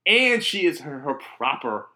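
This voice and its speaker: Podcast guy gushing away, bright voice. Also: a little high, very animated, unhurried. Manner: enthusiastic, chatty. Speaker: podcast co-host. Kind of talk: casual chat.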